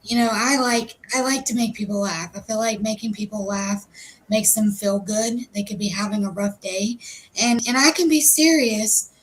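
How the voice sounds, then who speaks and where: A woman co-hosting a live stream, telling a self-mocking story in a casual, animated way. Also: mid-range voice, moderate pace, low-quality recording. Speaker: co-host.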